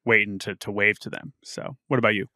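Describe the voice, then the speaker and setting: A man co-hosting a casual sports podcast, talking in halting bursts with repeated words and reading listener email aloud. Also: on the low side, fairly even intonation, pushed and bright, no room sound, clean studio sound. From United States. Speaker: podcast co-host. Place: small-town home studio.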